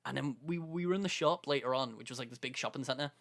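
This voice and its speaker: This young co-host talks fast in a mid-range voice that's creaky and a little bright. During a casual podcast chat he tells a story, dramatizing quotes and breaking into laughter often.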